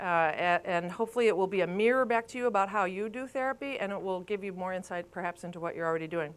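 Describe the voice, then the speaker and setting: A speech therapist in her fifties delivers a live continuing-education lecture to a room and online viewers, chatting, telling stories, and quizzing the audience. Her mid-range voice is smooth and a bit bright.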